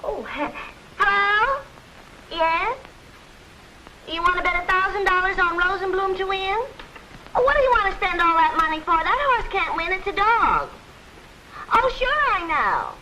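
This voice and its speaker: A fluttery, scatterbrained woman in a 1940s film comedy. Her voice is very high, and the old soundtrack carries clear noise behind it. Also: sing-song, a little slow, pauses often, bright, forceful tone, exaggerated voice, rough recording.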